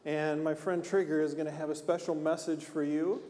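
A man serving as liturgist, leading a slow, measured prayer in church and introducing the children's message. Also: on the high side, little pitch movement, warm tone, a little hiss or hum. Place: church sanctuary. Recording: long church reverb.

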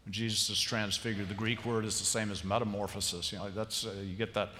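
A man preaching a sermon as a pastor, telling stories in an animated, conversational way. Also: fairly low pitch, quick pace, slight background noise. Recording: reverberant church hall.

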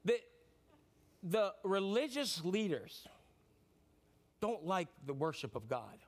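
A middle-aged male pastor preaching a sermon in a lively, conversational, joking way. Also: high voice, slow pace.

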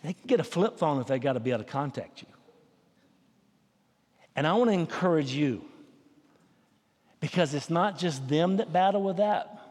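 A man's voice: a little high, expressive, moderate pace, long pauses, a little mellow, in a large hall. A man preaching a sermon as pastor, in a folksy, conversational way. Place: church sanctuary.

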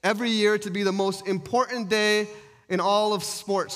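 Man, high voice, pastor, conversational sermon, rhetorical questions. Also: steady tone, normal speed, a bit bright.

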